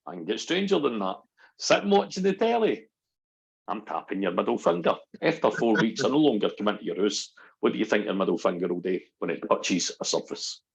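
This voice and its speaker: A middle-aged man with a low, gravelly and husky voice. He chats as a podcast guest and tells lively stories, putting on the voices of the people he quotes. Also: muffled recording. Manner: animated storyteller, acts out quotes. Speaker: guest, NLP practitioner. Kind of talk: casual podcast chat.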